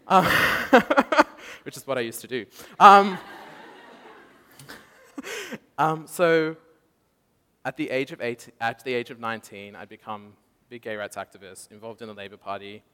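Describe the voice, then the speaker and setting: Young aussie guy telling his testimony at church, bright forceful voice, lots of playful voices and laughs, hall echo behind him. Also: mid-range voice. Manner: animated storytelling, acts out quotes, laughs often. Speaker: preacher. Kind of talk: testimony sermon. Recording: echoey hall.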